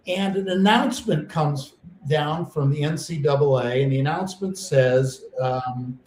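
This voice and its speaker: A man's voice: a little high, measured pace, hardly any pauses, darkish tone, reverberant, a little hiss or hum, poor audio. A man co-hosting a sports radio interview, setting up his questions at length. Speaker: co-host interviewer.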